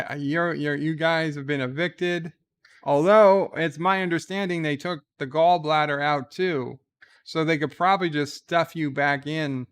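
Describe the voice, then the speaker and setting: Slow, hesitant man with a smooth voice. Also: medium pitch, a bit bright. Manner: hesitant, full of "uh" and restarts, joking. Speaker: livestream host answering viewer letters. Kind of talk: casual live-stream chat.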